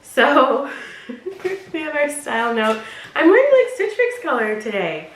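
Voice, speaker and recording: A woman's voice: sits high, sing-song, unhurried, echoey room, rough recording. A woman vlogger chatting through an unboxing in a bubbly, giggly, rambling way, her voice stuffy and nasal from allergies. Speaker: vlogger reviewing a clothing box.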